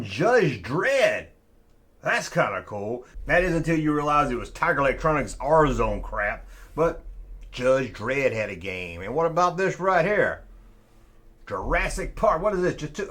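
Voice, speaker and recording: A man's voice: mid-range voice, a bit bright, slightly rough. A man hosting a casual review, talking with snarky grumbling and casual swearing. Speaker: host reviewing old toys. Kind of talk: casual sarcastic commentary.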